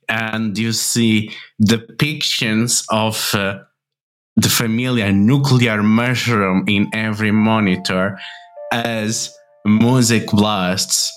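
A man narrating a tabletop role-playing game as game master, slow and hesitant with frequent pauses. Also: on the low side, fairly bright tone.

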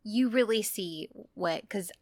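A chatty woman co-hosting a podcast, thinking aloud about a show's characters. Her voice is mid-pitched and sounds close and dry, with no room around it. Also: takes it slowly, a little mellow, no room sound. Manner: chatty, reflective, laughs along. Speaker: podcast co-host. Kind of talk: casual recap chat.

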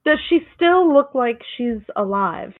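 A woman's voice: fairly high pitch, lively intonation, unhurried, no echo. A woman playing a tabletop game, teasing the others in casual chat. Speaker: player. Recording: tinny phone-like call audio.

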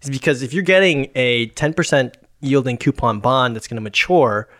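A man's voice: medium pitch, moderate pace, a bit bright. Man, podcast host, patient, methodical, explains finance plainly. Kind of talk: casual explanatory chat.

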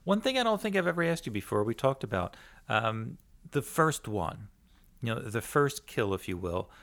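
A man's voice: mid-range voice, very animated, normal speed, a bit bright. A man hosting an interview show, asking questions in a hesitant way full of fillers. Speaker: podcast host.

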